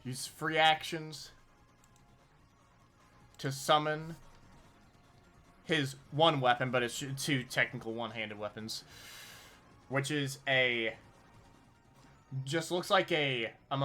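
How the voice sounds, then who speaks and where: Bright-voiced man describing his tabletop character. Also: mid-range voice, soft background music. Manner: halting, with many restarts and fillers. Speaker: player.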